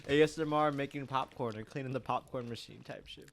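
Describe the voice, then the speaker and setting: A man's voice: mid-range voice, fairly quick. Laid-back joking male podcast host. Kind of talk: casual chat.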